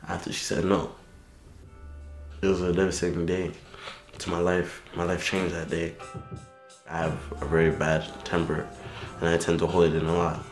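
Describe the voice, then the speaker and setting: Deep-voiced man, roomy sound. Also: normal speed, pauses often, soft background music. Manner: animated when telling battles, low and subdued about his past. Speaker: krump dancer. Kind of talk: interview storytelling. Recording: roomy echo.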